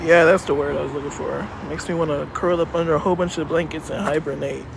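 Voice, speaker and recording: A woman's voice: sits low, steady tone, fast talker, creaky. Chatty woman livestreaming from a noisy street. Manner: rambling, chatty, swears freely. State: cold. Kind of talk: casual live-stream chat. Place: outdoors on a city street. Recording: street noise, echoey street.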